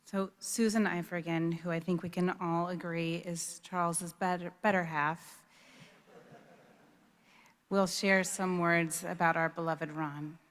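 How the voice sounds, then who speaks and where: Woman with a flat low voice introducing speakers. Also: a little slow. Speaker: service speaker introducing eulogists. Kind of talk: memorial introduction.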